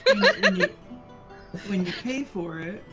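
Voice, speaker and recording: A man's voice: high-pitched, huge pitch swings, moderate pace. A man playing a tabletop game, flustered and stammering while defending his character. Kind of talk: casual in-character banter. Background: background music.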